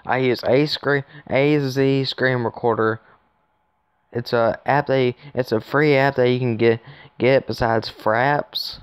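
A man's voice: mid-range voice, steady tone, slow pace, smooth, dry recording. A man giving rambling, casual commentary to his viewers while playing a phone game, recorded on his phone. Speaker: gaming YouTuber.

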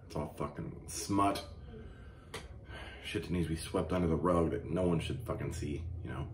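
A man hosting a comedy show, ranting crudely and profanely with mock outrage and animated storytelling. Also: rumbling low, moderate pace, a little hiss or hum. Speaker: comedy podcast host. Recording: echoey room.

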